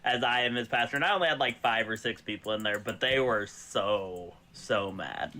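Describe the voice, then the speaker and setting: A man's voice: on the low side, moderate pace, pushed and bright. A man from the US South chatting casually as a guest, rambling loosely with many fillers. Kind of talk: casual chat.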